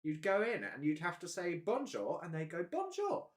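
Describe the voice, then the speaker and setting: A man's voice: a little high, sing-song, moderate pace. A man hosting a live stream, chatting casually and rambling with frequent hesitations and laughs. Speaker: livestream host.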